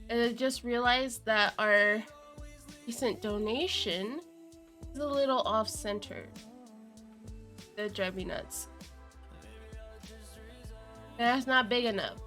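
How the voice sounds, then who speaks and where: A young woman streaming live, chatting casually to viewers, giggly and excitable, with a cold and chewing cough drops. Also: a little high. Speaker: VTuber streamer.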